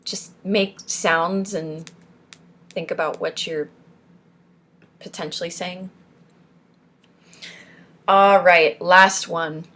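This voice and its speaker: A woman's voice: fairly low pitch, steady tone, extremely slow, long pauses, a bit bright. A young woman leading a casual support-group lesson, drilling syllables and tongue twisters aloud with chuckles between rounds. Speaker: support group speech coach. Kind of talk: casual spoken exercise lesson.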